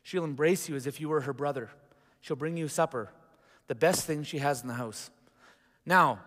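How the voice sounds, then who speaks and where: Male pastor, slightly high voice, reads a story from the pulpit, church-hall echo. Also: fairly quick, fairly bright tone. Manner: reads aloud with asides to the congregation. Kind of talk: sermon, reading a story aloud. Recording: long reverb of a large hall.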